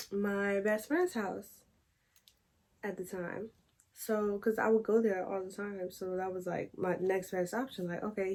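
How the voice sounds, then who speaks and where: A young woman telling a personal story in a chatty, animated way and addressing viewers as y'all. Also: medium pitch. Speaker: storytime vlogger. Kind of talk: casual storytelling to camera.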